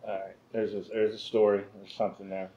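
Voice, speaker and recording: A man's voice: fairly low pitch, level tone, fast, muffled recording. A man co-hosting a whiskey and cigar review, chatting casually in a joking, easygoing way. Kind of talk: casual chat.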